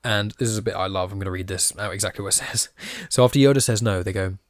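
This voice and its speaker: A man's voice: on the low side, fast talker, dry recording, clean studio sound. A man hosting a podcast, chatting casually through a comic story and reading quoted lines aloud in his own voice with a self-deprecating manner. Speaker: podcast host.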